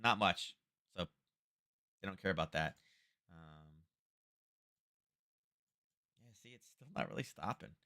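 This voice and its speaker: A man running a casual live trading stream in a low, pressing, forceful voice. He thinks out loud, keeps checking in with "right?", and chats with regular viewers by name. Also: slow, long pauses. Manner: thinks aloud, frequent "right?" tags; chatty, greets viewers by name. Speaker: trading livestream host. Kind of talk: casual live market commentary.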